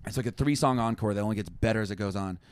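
A young man telling a long, rambling story in casual chat, animated and full of fillers. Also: lowish voice, very fast, clear, resonant tone, dry recording. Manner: animated, rambling, heavy use of "like". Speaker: touring musician, guest.

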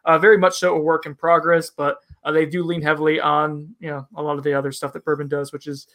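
A man's voice: fairly high pitch, level tone, fast talker, fairly bright tone. A man co-hosting a casual bourbon review chat, rambling and self-deprecating, with lots of fillers.

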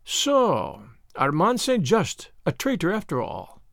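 A man's voice: high-pitched, sing-song, moderate pace, gravelly, dry recording, full character voice. Sly male French spy put on by a male reader, gloating murmur, clenched teeth, dry close sound. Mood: vicious murmur.

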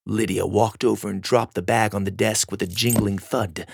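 A man narrating a science-fiction storybook in a steady, gently expressive way. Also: fairly low pitch, a little slow, vocal fry, hardly any pauses, breathy edge, dry recording, clean studio sound.

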